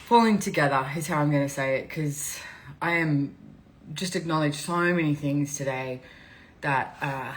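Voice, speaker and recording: Low-pitched woman rambling on a live stream, teary and open, faint hiss behind. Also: normal speed, low-quality recording. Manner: rambling, candid and emotional, laughs often. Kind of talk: casual live-stream talk.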